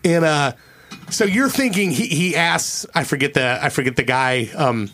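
A man's voice: fairly high pitch, lively intonation, moderate pace, a bit bright. A man co-hosting a podcast in casual chat, rambling and profane, acting out movie lines as he retells them. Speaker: podcast co-host.

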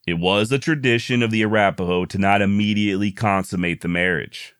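A man's voice: on the low side, fairly quick, few pauses, a bit bright, smooth, no room sound, studio quality. A man narrating frontier history in a casual, folksy way with wry asides. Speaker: history storyteller.

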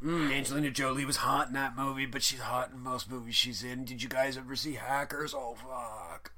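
A man's voice: mid-range voice, fairly even intonation, brisk, a crowd in the background. A man co-hosting a podcast, joking sarcastically and swearing freely while discussing films. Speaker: podcast co-host. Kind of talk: casual film-discussion chat.

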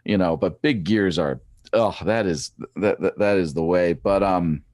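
A man in his forties, a former track cyclist, chatting as a podcast guest and telling rambling, animated stories with many restarts. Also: sits low, a little slow, no room sound, studio quality. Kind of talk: casual chat.

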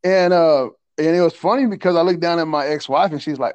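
A man telling a coaching story in a casual chat, animated and slangy, stumbling over repeated words and laughing often. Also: fairly high pitch, fairly quick, hardly any pauses, clear, resonant tone, no echo. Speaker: podcast guest, assistant softball coach.

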